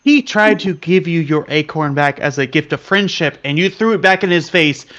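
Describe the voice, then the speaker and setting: A man speaks confidently in character during a tabletop game. His voice sits a little high. The recording sounds somewhat dull. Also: normal speed, fairly bright tone. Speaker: player. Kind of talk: tabletop role-play.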